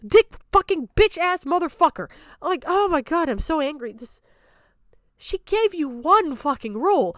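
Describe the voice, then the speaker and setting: A young woman vents on her stream in a high, piercing voice, swearing freely and circling back to the same complaint. The sound is dry, with no room echo. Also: animated, unhurried. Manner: heated, profane, repeating her points. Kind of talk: angry reaction rant.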